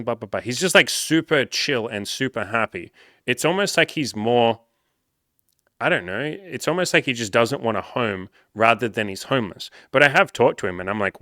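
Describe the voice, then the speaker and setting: A young man hosts a podcast and reads comments, telling stories casually and animatedly, with plenty of "like" fillers and swearing. His medium-pitched voice has lively intonation and a bright, forceful tone at normal speed. The sound is clean studio audio with no echo.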